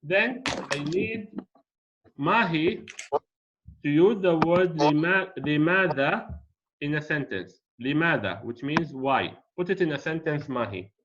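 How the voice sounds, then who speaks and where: A man teaching a class, patiently explaining in slow, deliberate steps. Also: on the high side, animated, background noise. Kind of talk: classroom language lesson. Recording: dull lo-fi audio.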